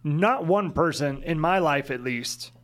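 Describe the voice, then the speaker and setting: A man co-hosting a casual chat, talking in an animated way and repeating phrases for emphasis. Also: on the high side, unhurried.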